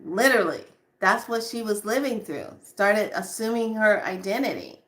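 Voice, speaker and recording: A woman recounts a personal story in a loose, animated way. She doubles back on her words and keeps the telling lively. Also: medium pitch, normal speed. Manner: animated, repeats words and acts out quotes. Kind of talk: casual storytelling.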